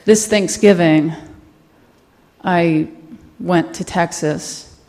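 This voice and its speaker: A woman from Mississippi, a comedian, telling a personal story on stage in a halting, candid, quietly emotional way. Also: fairly low pitch, steady tone. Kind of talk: stand-up storytelling monologue.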